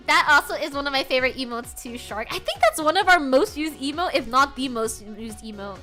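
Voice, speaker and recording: A young woman streaming from home, chatting casually with her viewers, bubbly and swinging between soft murmurs and loud excited bursts. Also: sits high, fairly quick, faint music behind.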